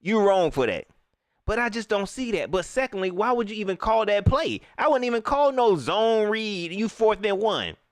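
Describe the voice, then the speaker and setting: A man's voice: high-pitched, lively intonation, normal speed, no echo, studio quality. A young man hosting a live postgame stream. He vents in heated, slangy talk, repeating himself and mocking the quotes he reacts to. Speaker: livestream host.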